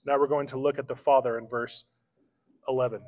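A man preaching an expository sermon as pastor, slowing down to stress key phrases. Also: mid-range voice, little pitch movement, darkish tone. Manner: expository preaching, slows for emphasis. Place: church sanctuary. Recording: long church reverb.

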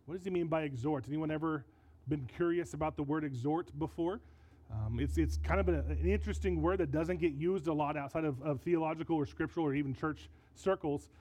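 A male pastor delivering a sermon with a slightly high but warm, mellow voice. He teaches earnestly and stresses his points, often doubling back on a word. He speaks into a microphone in a church. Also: fairly quick, rough recording. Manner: earnest, emphatic teaching with repeated words. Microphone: handheld or stand mic.

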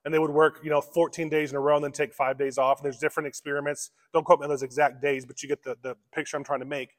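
A male pastor preaches in an earnest, conversational way, circling back over his phrases as he explains. His voice sits a little high for a man. The sound carries a long reverb from a large church hall. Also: level tone, fast. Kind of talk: sermon. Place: church sanctuary.

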